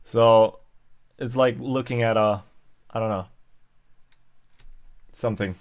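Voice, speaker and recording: A Swedish man hosts a livestream, chatting casually with his viewers in a mid-range voice with fairly even intonation. He speaks slowly and hesitantly, full of fillers and restarts.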